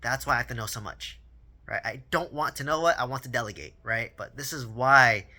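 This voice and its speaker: Bright-voiced man telling a rambling story. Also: mid-range voice, fairly quick. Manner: rambling storytelling, lots of "right?" and repeated words. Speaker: vlogger on real estate and personal finance. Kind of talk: casual talking-head monologue.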